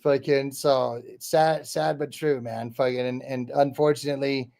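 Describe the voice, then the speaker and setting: A man's voice: mid-range voice, steady tone, normal speed, gravelly, darkish tone. A man hosting a podcast, telling stories in a rambling, profane way, full of "bro" and "dude". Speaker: podcast host and rapper. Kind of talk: casual storytelling chat.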